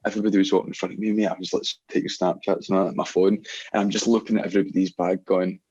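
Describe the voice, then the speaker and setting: A young man with an Ayrshire Scottish accent telling laughing, animated stories in casual podcast chat. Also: deep voice, racing, slightly rough, muffled recording. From Scotland. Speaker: podcast guest, DJ.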